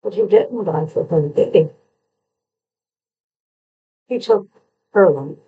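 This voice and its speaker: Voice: mid-range voice, expressive, slow pace, slightly rough, narrow, tinny audio. A true crime commentator analysing a confession letter, who lectures with emphasis and asks rhetorical questions.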